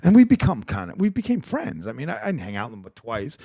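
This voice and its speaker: A man hosting a podcast, telling a story in a profane, animated way and acting out both sides of the quoted conversations. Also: medium pitch, fast talker, gravelly, no echo. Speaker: podcast host. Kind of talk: casual chat.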